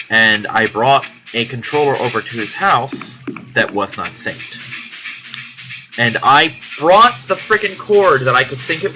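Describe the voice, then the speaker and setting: A man's voice: medium pitch, background noise. A man vlogging in a casual, rambling way, chatty and profane, telling a story about his week. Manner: profane, chatty, self-deprecating.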